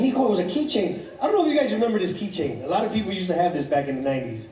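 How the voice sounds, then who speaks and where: A man, doing profane, rambling, animated stand-up storytelling. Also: high voice, racing, hardly any pauses. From Chicago. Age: 30s. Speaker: stand-up comedian. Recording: echoey club from far off.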